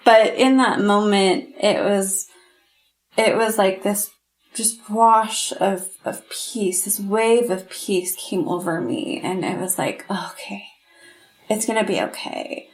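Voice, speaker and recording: A woman's voice: medium pitch, slow, poor audio. A middle-aged woman, a podcast guest, telling a painful personal story in an earnest, heartfelt way. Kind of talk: candid interview storytelling.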